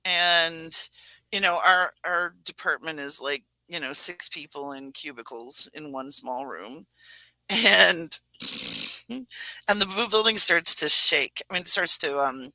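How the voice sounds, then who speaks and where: Rambling, laughing podcast co-host, bright voice. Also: male voice, a little high, dry recording, rough recording. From Pacific Northwest, US. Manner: rambling, self-mocking, laughs often. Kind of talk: casual chat.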